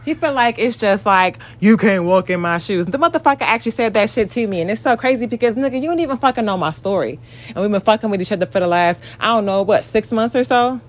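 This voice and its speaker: A woman's voice: fairly high pitch, animated, fast talker. A woman in her twenties venting bluntly and profanely in an exasperated rant about a partner. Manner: mocks others in acted quotes.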